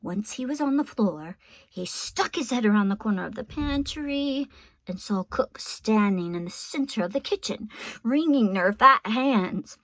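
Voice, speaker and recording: A woman teacher reading a storybook aloud to her class, in an expressive, unhurried way. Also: fairly high pitch, dry recording.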